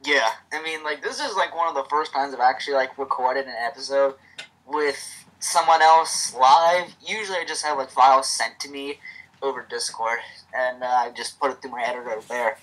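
A host reading a fanfic live and chatting between paragraphs, rambling with plenty of fillers. The voice is husky and sits in a middle pitch, on a home microphone. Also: moderate pace, fairly bright tone, rough recording.

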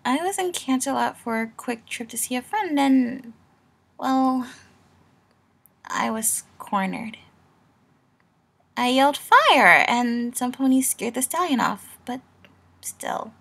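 A woman reading the lines of a gentle young female unicorn pony in a fan story, soft and hesitant. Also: high-pitched, slow pace, creaky, long pauses, slightly rough, full character voice. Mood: shaken.

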